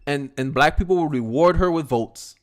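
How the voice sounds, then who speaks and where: A young man giving casual, animated political commentary on his own livestream, with quick asides and repeated words when he gets going. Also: fairly high pitch, noisy background.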